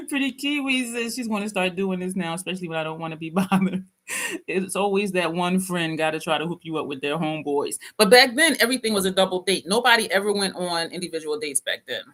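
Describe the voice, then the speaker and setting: A woman's voice: on the low side, quick pace, a bit bright. A woman in her fifties, host of a casual livestream, telling a story to viewers, often laughing and reading out comments. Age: 50s.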